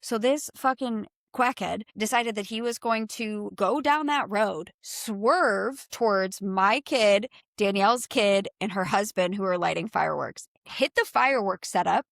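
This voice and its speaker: A young adult woman co-hosting a real estate podcast, telling a story in a lively, profane, chatty way. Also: mid-range voice, measured pace, vocal fry, few pauses, dry recording, studio quality.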